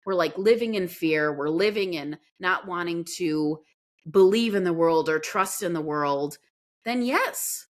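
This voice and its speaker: A woman guest in an interview, telling a story in an earnest, animated way. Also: lowish voice. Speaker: podcast guest.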